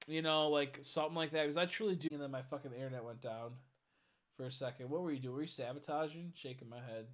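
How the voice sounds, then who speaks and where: A man's voice: mid-range voice, fast talker. A tired man chatting casually on a live stream, rambling and swearing as he greets viewers. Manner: rambling, swearing, stumbles over chat names.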